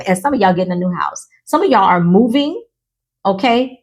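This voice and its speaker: A woman's voice: medium pitch, a little fast. A woman from New Orleans giving a casual tarot reading at home to her viewers. She is chatty and encouraging, often tags her lines with "okay?" or "right?", and laughs often. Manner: animated, with frequent laughter. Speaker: tarot reader.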